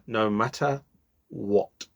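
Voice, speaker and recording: A man voicing a harsh, scheming stepmother who yells orders in a storybook reading. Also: lowish voice, drawn-out words, creaky, heavily acted. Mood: bossy. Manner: loud, bossy, yelling.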